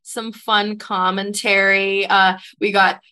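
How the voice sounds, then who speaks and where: Friendly woman co-host, bright voice, relaxed. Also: medium pitch, slow. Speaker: co-host reading the chat. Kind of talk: live show moderation.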